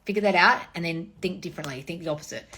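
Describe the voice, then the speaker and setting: A woman in her forties, a dating and manifestation coach, chatting casually on a livestream with blunt, profane tough love and swooping high replies. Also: very fast, sharp tone. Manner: sweeping high "oh wonderful, darling" replies. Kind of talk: casual livestream chat reading comments.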